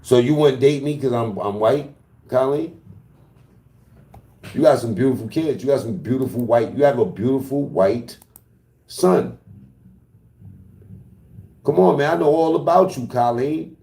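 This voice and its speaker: A man's voice: medium pitch, a little slow, creaky, pauses often, warm tone, echoey room. A man livestreaming in casual talk to his chat, taunting and profane as he trash-talks.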